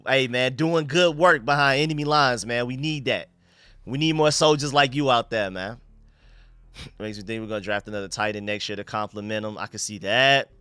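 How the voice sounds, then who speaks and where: A young man from North Carolina with a Southern accent, hosting a casual live stream from his room, animated and slangy, talking straight to his viewers. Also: mid-range voice, normal speed, clear, resonant tone, no echo. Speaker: sports live-stream host.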